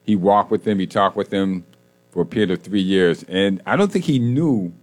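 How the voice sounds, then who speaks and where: A man co-hosting a faith-based sports radio show, chatty and jokey and quick to laugh, talking in a studio. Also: sits low, expressive, a little mellow. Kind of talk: casual radio chat and scripture reflection.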